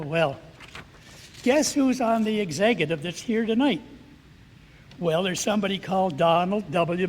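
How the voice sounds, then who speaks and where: An older man, a Jesuit priest, giving an anecdotal acceptance speech and acting out the dialogue in his stories. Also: sits high. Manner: storytelling, acting out quoted dialogue. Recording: reverberant hall, faint background noise.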